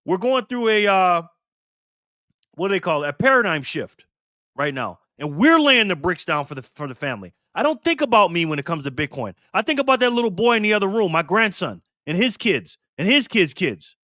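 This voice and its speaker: A man's voice: sits high, sing-song, a little fast, bright, forceful tone, dry recording, clean studio sound. A man in his fifties hosting his own channel, delivering a heated, profane and emphatic monologue straight to his viewers. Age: 50s. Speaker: channel host. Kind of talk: impassioned monologue to camera.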